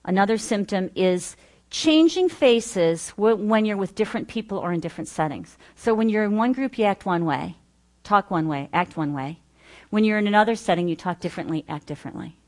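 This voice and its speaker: A woman's voice: mid-range voice, animated, a little fast, darkish tone. A middle-aged woman teaching earnestly, listing points with personal asides. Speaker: Bible study teacher. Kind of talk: teaching talk.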